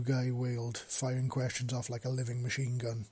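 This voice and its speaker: A man narrating a story in a steady storytelling manner. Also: mid-range voice, normal speed, hardly any pauses, husky, dry recording. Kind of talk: audiobook narration of fan fiction.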